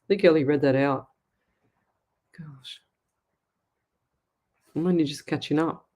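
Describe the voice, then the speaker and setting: A middle-aged Australian woman hosting a live psychic show, chatting and reading viewer comments aloud in a warm, chatty way. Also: deep voice, unhurried. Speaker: psychic medium show host.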